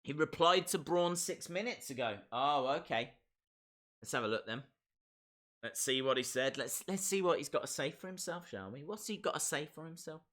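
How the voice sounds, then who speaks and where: A man's voice: a little high, lively intonation, moderate pace, fairly bright tone. A man hosting a casual live stream, chatting and reading viewer comments aloud with lots of repeated phrases.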